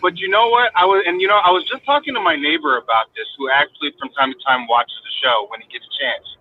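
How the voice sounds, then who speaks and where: A man in his thirties joining a casual podcast chat, animated and excitable. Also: fairly high pitch, fast talker, a little hiss or hum. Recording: dull lo-fi remote audio.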